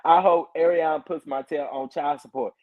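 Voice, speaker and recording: A man hosts a relaxed livestream, reading comments aloud and reacting with bursts of laughter and repeated, drawn-out exclamations. His voice sits a little high. The audio is thin and tinny, like a phone line. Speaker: livestream host.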